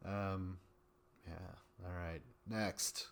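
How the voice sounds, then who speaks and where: A man's voice: low voice, steady tone, drawn-out words, gravelly. Profane, rambling male podcast host. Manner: rambling, profane, chatty with many fillers. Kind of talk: casual solo recap chat.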